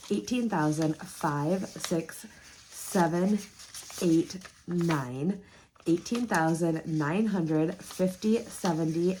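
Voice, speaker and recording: A woman talks casually to her viewers while counting bills aloud in a low, mellow voice. Her talk is warm with gratitude and excitement about her savings. A faint hiss sits under the recording. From United States. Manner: emotional and grateful, counting aloud. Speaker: budgeting vlogger. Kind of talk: casual chat to camera while counting cash.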